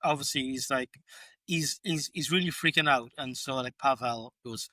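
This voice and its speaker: A man co-hosting a casual film podcast, animated and playful. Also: mid-range voice, moderate pace, no echo. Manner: animated, playful, does silly voices. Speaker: podcast co-host.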